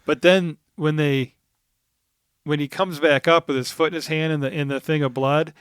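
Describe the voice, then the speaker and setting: A laid-back man co-hosting a movie podcast who agrees readily and laughs often. His voice is smooth and clear. The sound is dry, with no room echo. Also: fairly high pitch, steady tone, moderate pace. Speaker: podcast co-host. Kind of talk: casual movie review chat.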